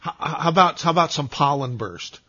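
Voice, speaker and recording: A man's voice: on the high side, animated, a little fast, pushed and bright, slightly rough. Fumbling, jokey male radio host. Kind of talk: call-in radio chat. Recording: slightly dull, lo-fi sound.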